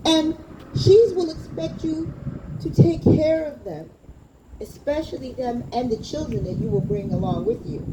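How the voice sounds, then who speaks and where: Slow-spoken woman telling a story live. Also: high-pitched, lively intonation. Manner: warm, conversational, addresses the audience directly. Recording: live recording with audible background noise.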